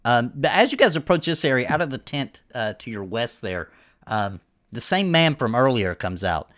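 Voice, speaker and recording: A man's voice: medium pitch, sing-song, normal speed, fairly bright tone. A man narrating a tabletop role-playing game as game master, describing the scene with many ums and restarts.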